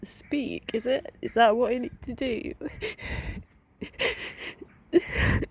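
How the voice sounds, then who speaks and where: A woman vlogger crying as she talks through an upsetting experience, halting and laughing through her tears. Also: fairly high pitch, gravelly, husky, poor audio. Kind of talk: emotional personal vent.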